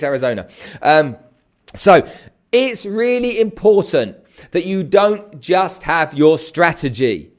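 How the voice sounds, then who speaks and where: An energetic man, hosting a live stream to viewers and often checking in with "okay?". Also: sits high, unhurried. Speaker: host.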